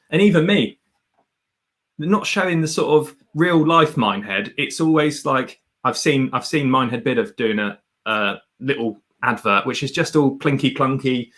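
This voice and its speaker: A man hosting a livestream, chatting casually and laughing often as he gives advice. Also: mid-range voice. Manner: animated, rambling, laughs often. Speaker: host reviewing a guest's channel.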